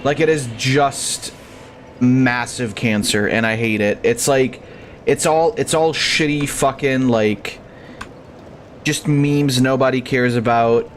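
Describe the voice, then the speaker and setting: A man's voice: medium pitch, takes it slowly, a little hiss or hum. Rambling, foul-mouthed young male streamer. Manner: rambling, profane, ranting. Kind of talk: casual live-stream commentary.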